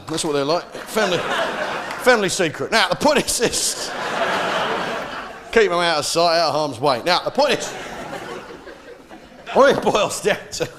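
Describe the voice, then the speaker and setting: A man's voice: high-pitched, noisy background. A man doing live stand-up comedy, blustering and working the crowd with rhetorical questions. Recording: live theatre show with audience. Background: crowd laughter.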